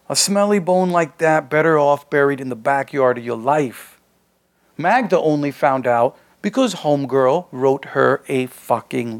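A man reading his own short story aloud, in a conversational, streetwise first-person voice. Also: on the high side.

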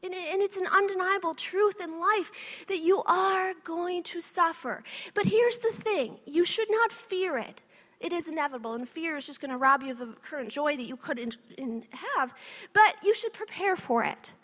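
Addressing a live audience, a woman who sounds to be in her thirties gives a faith-based motivational talk in a very high, bright voice. At a moderate pace, she tells animated personal stories and frequently pauses to ask "okay?"

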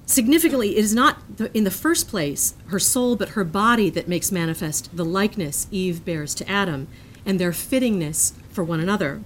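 Woman reading a lecture, earnest and measured. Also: medium pitch, lively intonation, a little hiss or hum. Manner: measured and earnest, breaking into self-amused asides. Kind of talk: reading a prepared lecture aloud.

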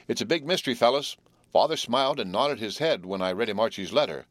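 Steady, earnest teenage boy leader in a storybook, voiced by a man. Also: medium pitch, quick pace, dry recording, voice pushed up, close to an everyday voice. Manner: earnest, explaining.

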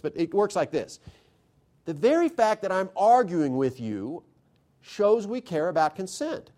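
A man with a fairly high-pitched voice delivers a live lecture on constitutional theory. He talks in a lively, conversational way and often puts questions to his audience.

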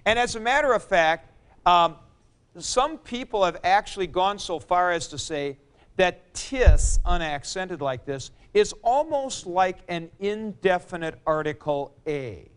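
A man teaching a Greek grammar class in a classroom, explaining slowly and calling on students by name. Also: sits high, expressive, clean tone. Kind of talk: classroom lecture.

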